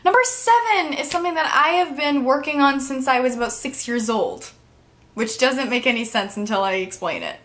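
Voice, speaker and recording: Teen girl vlogging, kinda high voice, super chatty with lots of "like", gets a little teary. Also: expressive, normal speed, fairly bright tone. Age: teens. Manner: bubbly, chatty, full of "like" fillers. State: emotional, near tears at times. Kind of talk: casual vlog chat.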